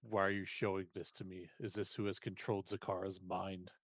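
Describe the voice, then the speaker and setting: A man doing a gruff, suspicious vampire barbarian. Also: sits low, flat delivery, a little fast, dry recording, pitched below the performer's own voice.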